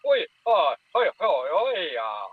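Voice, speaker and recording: A man imitating two deep-voiced wild creatures that chatter in loud, repeated syllables. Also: wildly swooping pitch, slow pace, breathy edge, no echo, exaggerated voice. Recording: tinny phone-like line.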